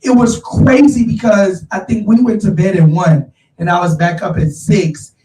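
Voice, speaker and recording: A man hosting a casual chat, talking in an animated, slangy way and calling his listeners y'all. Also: high-pitched, normal speed, distant mic, slight background noise. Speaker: show host. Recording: roomy, off-mic sound.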